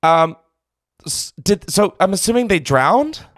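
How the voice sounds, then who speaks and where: A man's voice: high-pitched, very animated, unhurried, dry recording, clean studio sound. A man hosting a call-in show, chatting casually and bluntly, swearing freely and thinking aloud.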